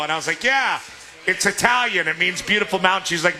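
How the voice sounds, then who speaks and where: A man's voice: high-pitched, quick pace, pushed and bright. A man from Southern California hosting a live sports radio remote from a restaurant, joking and often laughing. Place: restaurant, indoors public space.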